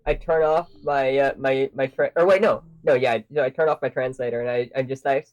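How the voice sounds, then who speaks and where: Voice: medium pitch, fairly even intonation, a little fast, few pauses, a little mellow, no room sound, rough recording. A player in a tabletop game talking casually, rambling and correcting themselves.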